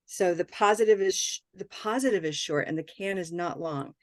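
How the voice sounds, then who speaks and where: A woman's voice: on the low side, moderate pace, no echo, studio quality. A woman, leading a live online pronunciation lesson and patiently modeling words for learners to repeat. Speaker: English pronunciation teacher.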